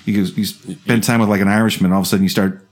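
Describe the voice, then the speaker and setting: A man's voice: on the low side, fairly even intonation, fast talker. A man from South Jersey chatting casually as a podcast co-host, rambling and laughing as he restarts his thoughts. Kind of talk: casual chat.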